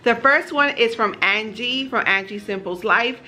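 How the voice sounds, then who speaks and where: A mother and lifestyle vlogger from Georgia, US, talks casually to her viewers from her kitchen while holding the camera, with warm, chatty asides. Her voice is on the high side at a moderate pace, and the audio quality is poor.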